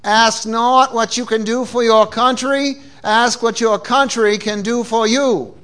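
A man's voice: extremely high pitch, steady tone, measured pace, fairly bright tone, clean tone. A man with a Boston accent doing an impression of a 1960s president giving a speech. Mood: declaiming.

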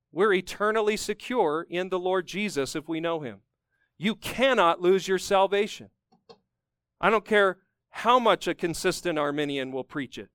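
A man preaching a sermon, emphatic and fervent, climbing to strong peaks and dropping low to close each point. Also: fairly bright tone, smooth, no room sound. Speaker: pastor.

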